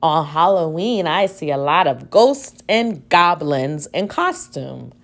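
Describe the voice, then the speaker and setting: In a somewhat low voice that stays animated, a woman teacher gives a spelling dictation at a very slow, careful pace, breaking every word into syllables and individual letters.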